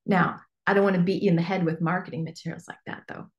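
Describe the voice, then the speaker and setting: A woman business coach teaching a workshop in a chatty, animated way with lots of fillers. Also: lowish voice, fast, muffled recording. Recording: echoey room.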